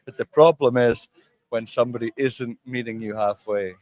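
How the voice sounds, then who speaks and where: A man's voice: medium pitch, fairly even intonation, normal speed, a little mellow, no room sound. A man with a Glasgow Scottish accent patiently explaining and coaching in a casual interview. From Glasgow, Scotland. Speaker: conference guest discussing accents.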